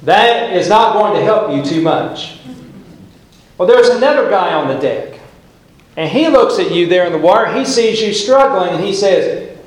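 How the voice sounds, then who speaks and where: A middle-aged male pastor preaching with a folksy, storytelling manner and dramatic pauses. His voice sits fairly high for a man, and the sound rings heavily around a big echoey church hall. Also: expressive. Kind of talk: sermon. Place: church sanctuary.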